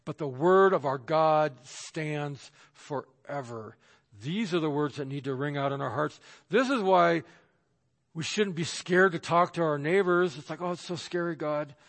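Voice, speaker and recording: A man's voice: on the high side, measured pace, vocal fry, fairly bright tone. A man preaching a sermon as pastor, emphatic, acting out the voices he quotes. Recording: long reverb of a large hall.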